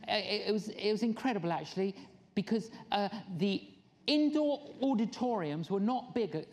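A middle-aged woman, preaching a sermon and telling stories, acting out the people she quotes. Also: medium pitch. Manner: animated storyteller, acts out quoted people with laughs. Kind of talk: sermon storytelling.

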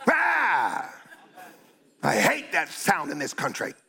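An older man preaching a sermon in a blunt, scolding way, stretching out key phrases and breaking into shouts. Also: high voice, sing-song, moderate pace, vocal fry.

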